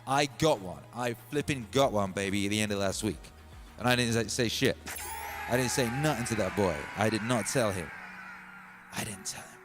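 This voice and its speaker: A man's voice: fairly low pitch, fairly quick, over music. A man hosting a livestream, telling a long, playful story in a rambling, slangy way. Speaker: livestream host. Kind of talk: casual storytelling monologue.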